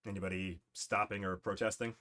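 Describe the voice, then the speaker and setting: A man's voice: lowish voice, flat delivery, a little fast, a bit bright. A man narrating a tabletop game as game master, loose and chuckling, correcting himself as he goes.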